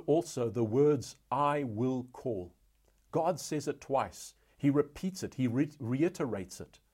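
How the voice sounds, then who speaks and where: Mellow-voiced man teaching scripture. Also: medium pitch. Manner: measured, deliberate explanation; reads scripture passages aloud. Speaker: Bible study teacher.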